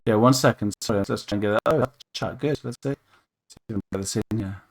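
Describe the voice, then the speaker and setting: A man's voice: on the low side, fast talker. Chatty male podcast host. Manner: chatty, thinks aloud while using software. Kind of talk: casual interview chat.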